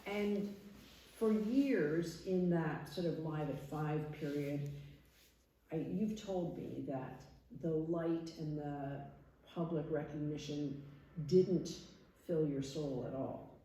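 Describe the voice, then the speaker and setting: Slow, mellow-voiced woman moderator in a hall. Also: sits low. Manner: halting, restarts phrases. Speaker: interviewer, event moderator. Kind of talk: moderating an onstage conversation. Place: parish hall. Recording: echoey hall, distant mic, faint hiss.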